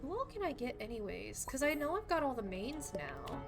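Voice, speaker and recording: A woman's voice: high voice, very animated, fairly quick, gravelly, loud music behind the voice. A young woman streaming a game live, talking to chat while she plays, exclaiming, swearing and ranting about her teammates. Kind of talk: live gameplay commentary.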